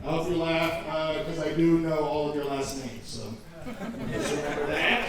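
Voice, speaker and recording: A man doing a profane, animated stand-up set in a comedy club, incredulous and ranting. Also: on the high side, moderate pace. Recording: echoey club from far off, crowd.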